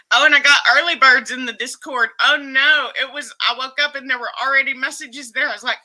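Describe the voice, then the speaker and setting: A woman's voice: on the high side, bright, forceful tone. A woman hosting a casual livestream from home, emotional and upbeat, laughing often as she chats. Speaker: livestream host.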